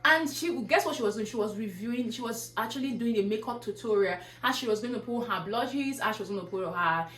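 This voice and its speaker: Woman vlogger w a highish voice, preachy pep talk full of "guess what", roomy echo. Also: brisk, few pauses, fairly bright tone, soft background music. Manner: preachy, repeats rhetorical questions. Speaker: YouTuber giving motivational talk. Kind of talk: casual motivational vlog.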